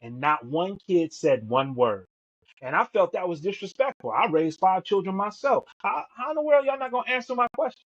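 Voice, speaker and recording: A middle-aged podcast co-host tells stories emphatically in conversation, repeating words as he goes. His high-pitched voice is expressive and fairly bright at a moderate pace, on a dull lo-fi recording.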